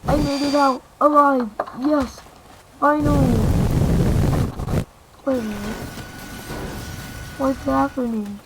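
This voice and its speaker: A woman's voice: sits high, steady tone, slow, pauses often, noisy background. A woman giving live commentary while playing a game, reacting aloud and talking to herself in alarm and relief. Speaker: gameplay commentator.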